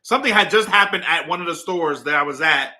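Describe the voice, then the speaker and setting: A man's voice: a little high, quick pace, pushed and bright. A man hosting a casual chat, playfully teasing his wife while he tells stories. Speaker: host.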